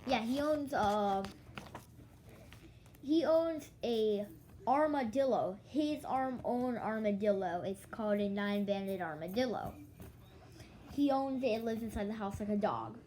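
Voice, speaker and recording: A woman's voice: a little high, animated, a little slow, warm tone, low-quality recording. A young woman rambles through a story from home, her voice sleepy and yawning. She stumbles and restarts often, slipping into quoted back-and-forth as she acts out what others said. A faint hum of room ambience sits underneath. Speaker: vlogger.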